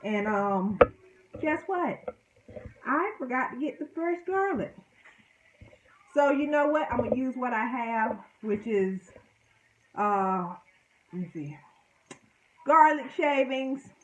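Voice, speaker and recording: A woman's voice: a little high, expressive, slow pace, pauses often, reverberant, highs cut off. A woman making a casual home cooking vlog, chatting to her viewers in a self-deprecating way as she cooks in her kitchen.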